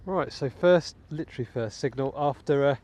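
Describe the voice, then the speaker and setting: A man's voice: medium pitch, moderate pace, darkish tone. Chatty British man vlogging in a field. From United Kingdom. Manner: chatty, talks to viewers while working, muttering asides. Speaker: metal detecting channel host. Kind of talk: casual vlog commentary while digging. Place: outdoors in a wet field.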